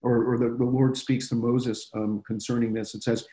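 A man preaching a casual Bible-study sermon, talking conversationally and often pausing with fillers and restarts. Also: mid-range voice, flat delivery, dark tone, rough recording.

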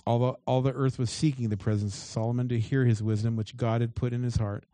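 A man's voice: mid-range voice, level tone, fast, warm tone, dry recording. A man preaching a sermon as pastor. He reads scripture aloud and breaks off into emphatic asides.

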